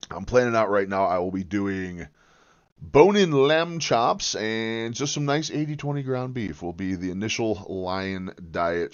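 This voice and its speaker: A man's voice: lowish voice, dull audio. A man hosting a casual livestream, rambling to himself and his chat, repeating words and laughing over a guest talk playing in the background. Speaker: livestream host.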